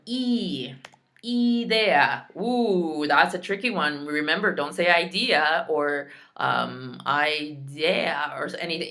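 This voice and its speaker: A woman teaching a recorded Spanish lesson, slowly drilling words and repeating each one, with chatty asides between drills. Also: fairly low pitch, a bit bright. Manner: slow, careful pronunciation drills, repeating each word.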